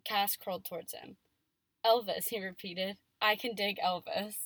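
A woman's voice: medium pitch, fairly even intonation, normal speed, fairly bright tone, dry recording. A woman reading fan fiction aloud on a casual podcast, giving the dialogue playful emphasis and chatting between passages.

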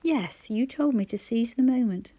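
A calm, gentle schoolteacher man who teases kindly, spoken softly as a woman narrator reads him. The tone stays mellow and warm, with a quiet, low-key delivery from an audiobook reading. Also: normal speed, natural voice. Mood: gentle, teasing.

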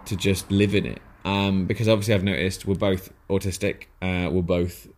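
A man's voice: sits low, flat delivery, moderate pace, a little mellow, a little hiss or hum. A man co-hosting a casual podcast, talking in a rambling, hesitant way with lots of fillers and restarts. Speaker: podcast co-host.

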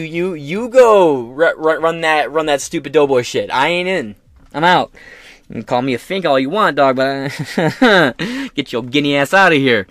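This fairly high-voiced podcast host goes on a crude, sarcastic political tirade, brash and constantly profane. The recording is dry.

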